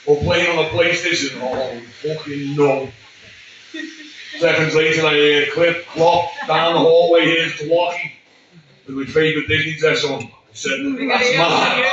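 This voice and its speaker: A man reading out an emotional tribute speech, halting, swearing often and close to tears. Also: on the high side, bright, forceful tone. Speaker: speaker at a memorial birthday gathering. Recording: echoey room, distant mic, dull sound.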